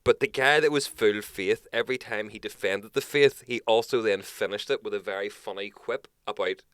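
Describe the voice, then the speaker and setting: A man's voice: lowish voice, fairly quick, a bit bright, clear, resonant tone, no room sound. A young man, co-hosting a podcast and telling a story in casual chat, swearing freely and acting out what others said. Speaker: podcast co-host.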